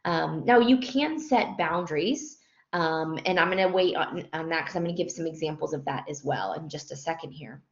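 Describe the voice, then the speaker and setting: A woman with a fairly low voice talks through a nursing lecture at an easy pace, often pausing on "um" and correcting herself mid-phrase. The sound is dull and lo-fi, with a roomy echo around her. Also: creaky. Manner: conversational, frequent ums and self-corrections. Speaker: nursing instructor. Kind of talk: recorded lecture.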